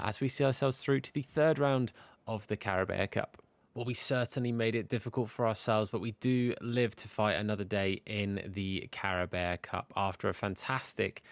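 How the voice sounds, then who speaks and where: A young man chats through his football game like a match commentator, hiccuping now and then. His voice sits a little low, and the sound is close and dry. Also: no echo. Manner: chatty, commentator-style play-by-play. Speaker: gaming YouTuber.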